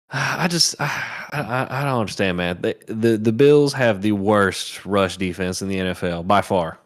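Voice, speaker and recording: A man's voice: fairly low pitch, a little slow. A man co-hosting a casual sports chat show, ranting heatedly, swearing and repeating himself. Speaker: podcast co-host.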